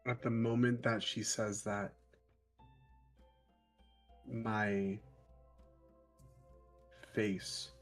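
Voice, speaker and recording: A man's voice: fairly low pitch, little pitch movement, very slow, pauses often, soft background music. A man playing a tabletop game character, rambling and stumbling through explanations with many fillers. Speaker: player.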